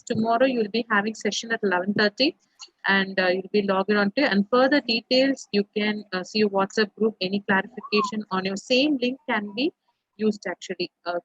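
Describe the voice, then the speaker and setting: A woman hosting a webinar over a video call, talking haltingly with many fillers. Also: medium pitch, fairly bright tone, no room sound, highs cut off. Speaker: webinar host.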